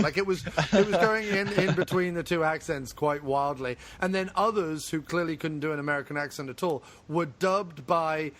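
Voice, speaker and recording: Man, podcast host, slightly high voice, casual, animated, swears a lot. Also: a little fast, hardly any pauses. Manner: animated, laughing, swearing freely. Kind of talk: casual chat.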